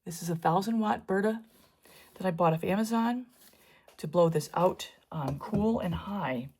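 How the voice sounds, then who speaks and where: Low-voiced woman chatting through a painting tutorial. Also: unhurried, darkish tone, slightly rough. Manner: chatty, wandering asides while working. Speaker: fluid art painter teaching. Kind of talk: casual painting tutorial narration.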